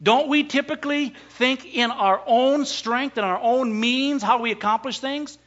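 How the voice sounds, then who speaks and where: A man preaches with a high, bright voice and keeps asking the congregation rhetorical questions. He leans hard on his points. The recording sounds dull and lo-fi. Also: unhurried. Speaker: pastor. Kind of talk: sermon.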